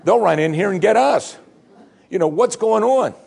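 A man preaching a sermon who tells the story dramatically, swinging from hushed to excited, and repeats key lines for emphasis. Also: high voice, normal speed, vocal fry, slightly rough.

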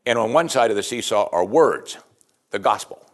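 Conversational male pastor, slightly low voice. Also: animated, moderate pace. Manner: conversational, repeats "you see", frequent restarts. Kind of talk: sermon.

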